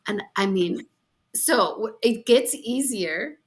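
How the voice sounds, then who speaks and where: A middle-aged woman hosting a podcast, telling a personal story in an expressive, heartfelt, chatty way with frequent exclamations. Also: fairly high pitch, slow. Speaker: podcast host. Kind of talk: heartfelt casual conversation.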